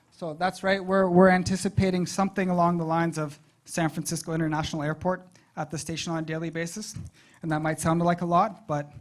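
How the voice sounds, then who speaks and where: Presenter at a public meeting: conversational, draws the audience in with questions. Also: mid-range voice. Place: meeting room.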